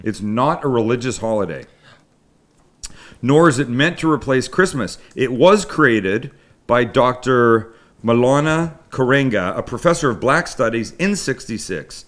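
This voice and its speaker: A Canadian man hosting a live cooking stream. He chats loosely and pokes fun at himself, with a mid-pitched voice and plenty of restarts as he reads and riffs. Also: animated, unhurried, a bit bright. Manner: chatty, self-deprecating, rambling with restarts. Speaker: cooking show host. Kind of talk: casual live-stream chat. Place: home kitchen studio with crew.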